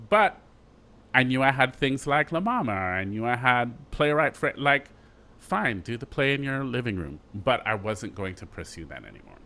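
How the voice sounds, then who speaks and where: Bright-voiced Jamaican man telling a story. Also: mid-range voice. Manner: animated storyteller, quick asides and restarts. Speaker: actor guest. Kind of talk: casual storytelling interview.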